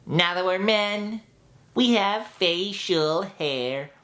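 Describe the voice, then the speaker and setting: A man voicing a cheerful, high-voiced cartoon sea sponge, keeping the sound light and pushed to the back of the throat. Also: lively intonation, extremely slow, pushed and bright, full character voice. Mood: chipper.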